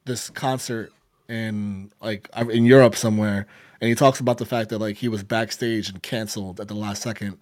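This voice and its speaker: A man's voice: fairly low pitch, steady tone, moderate pace, a little mellow. A man co-hosting a podcast, explaining things at length in a rambling, casual way. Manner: rambling explainer, many restarts. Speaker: podcast co-host. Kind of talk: casual chat.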